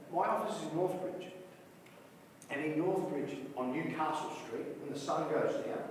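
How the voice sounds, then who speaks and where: A man's voice: fairly high pitch, a little mellow, a little hiss or hum. A middle-aged man giving a motivational talk to young people, telling anecdotes and acting out both sides of the dialogue, with rhetorical questions. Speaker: speaker addressing young people. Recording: echoey hall, mic far off.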